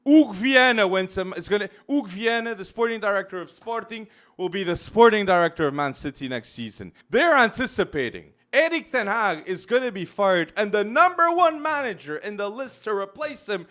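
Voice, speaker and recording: A male podcast host, talking football in an emphatic, animated way with many restarts. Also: high voice, brisk, hardly any pauses. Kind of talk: casual football podcast talk. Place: Portugal.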